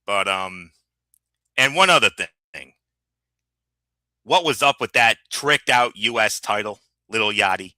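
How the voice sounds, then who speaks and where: A man co-hosting a casual wrestling recap chat, animated and full of stammered restarts. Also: lowish voice, a little slow, long pauses, no room sound. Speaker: podcast co-host.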